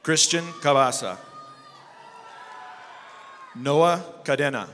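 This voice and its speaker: A man calling out graduates' names at a graduation ceremony in a slow, steady way. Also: medium pitch. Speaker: name reader at a graduation. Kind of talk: reading out names. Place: large hall at a school graduation. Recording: echoey hall with crowd noise.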